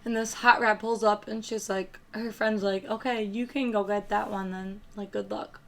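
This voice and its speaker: A woman's voice: medium pitch, steady tone, moderate pace. A young woman retelling a film as comedy, brash and swearing a lot, slipping into sassy character voices.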